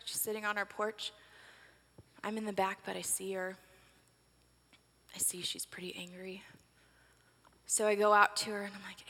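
A woman in her forties telling a sermon story dramatically, swinging from breathless excitement to hushed whispers. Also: mid-range voice, moderate pace, pauses often. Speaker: preacher. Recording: long reverb of a large hall.

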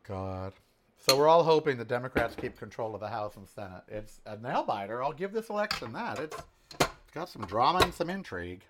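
Over a noisy background, a man in his sixties with a medium-pitched voice hosts a casual home cooking show. He chats as he works in his kitchen, tossing in sassy, opinionated asides.

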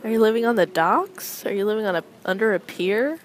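A woman's voice: mid-range voice, expressive, brisk, a little hiss or hum, pitched above the performer's own voice, lightly acted. A woman voicing her blunt, exasperated old grandmother scolding her. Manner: scolding, incredulous.

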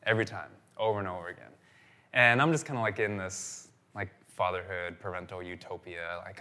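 A man's voice: on the low side, a little fast. A man preaching a sermon as a pastor, telling stories animatedly and repeating phrases for emphasis. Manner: animated storytelling, repetitive phrasing.

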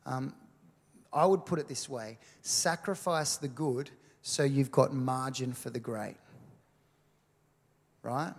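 Chatty preacher in a reverberant hall. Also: male voice, mid-range voice. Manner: conversational, filler-heavy, checks in with "right?". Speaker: pastor and worship leader. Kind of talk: sermon.

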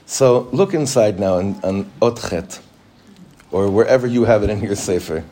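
A man's voice: lowish voice, animated, moderate pace, warm tone. A man, a rabbi, teaching a Torah class, probing his students with questions and mixing in Hebrew terms.

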